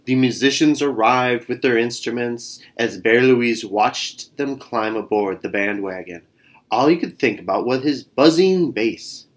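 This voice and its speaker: A male storyteller reading a picture book aloud at an unhurried pace. He is expressive and voices sound effects along the way. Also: medium pitch.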